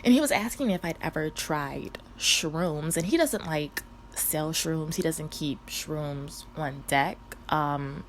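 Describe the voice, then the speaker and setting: A woman's voice: low-pitched, takes it slowly, a little hiss or hum. A stoned woman in a rambling, profane, casual storytime, often interrupting herself and laughing. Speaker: vlogger.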